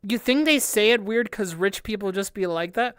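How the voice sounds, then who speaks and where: A young woman talks through a reaction stream, stopping and restarting as she works out lyrics and laughing at herself. Her voice is smooth and clear, recorded dry and close. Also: mid-range voice, moderate pace, no room sound. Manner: thinks aloud, hesitant restarts, frequent laughs, swears. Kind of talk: casual reaction stream, reading lyrics aloud.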